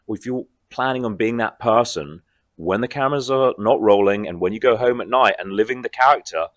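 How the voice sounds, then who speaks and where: A man, a guest actor in a convention interview, talking in a reflective, animated way. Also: on the low side, fairly quick, no echo. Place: convention floor.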